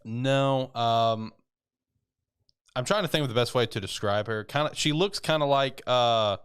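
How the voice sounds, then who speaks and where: A man's voice: mid-range voice, unhurried, a bit bright, clean tone. A man casually recapping an anime episode on a podcast, rambling and swearing with frequent laughs. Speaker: podcast co-host. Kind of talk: casual anime review chat.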